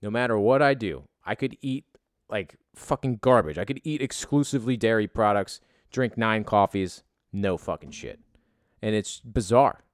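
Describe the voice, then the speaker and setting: A man's voice: fairly low pitch, normal speed, dry recording, studio quality. A man telling a rambling travel story in a profane, self-deprecating, casual way.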